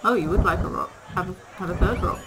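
A woman's voice: lowish voice, fast talker, a loud crowd. A woman casually commenting on her gameplay, chatting to the animals in the game and laughing often. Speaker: gaming video creator. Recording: noisy home recording.

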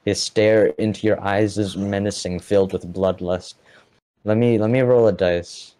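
Guy running a tabletop game, low mellow voice, lots of ums and restarts. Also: fairly even intonation. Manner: halting, full of fillers and restarts. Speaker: game master.

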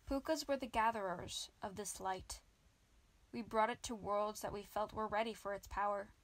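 A woman's voice: mid-range voice, fairly even intonation, normal speed, no room sound, close to an everyday voice. A woman voicing a solemn, fussy male rabbit warrior who is the last of his kind, in a storybook reading. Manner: fussy, solemn, egg-obsessed.

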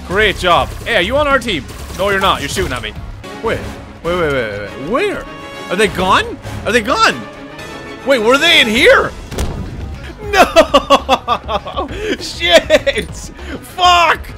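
A man with a high, lively voice yelling and cackling through a shooter session, unhurried between outbursts. Game music plays loudly underneath him. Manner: loud, laughing, swearing, shouting at teammates. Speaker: gaming YouTuber. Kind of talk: excitable let's-play commentary. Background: game music and vehicle sounds.

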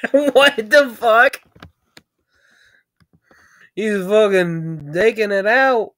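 Young woman reacting to stuff, slow and unhurried, cursing and laughing a lot, mid-pitched voice. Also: fairly bright tone, no room sound, clean studio sound. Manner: swears constantly, laughs and exclaims in surprise. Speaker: reaction video creator. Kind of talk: casual reaction commentary.

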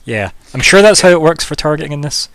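A man's voice: on the high side, expressive, fast talker, a bit bright, no echo. A man acting as game master, patiently explaining rules and thinking aloud in casual chat.

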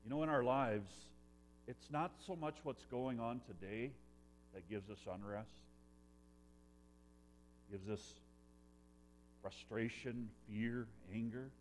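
A man preaching a sermon in a church, earnest, swinging between loud emphasis and hushed lines. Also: medium pitch, slow pace, long pauses, a little hiss or hum. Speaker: pastor.

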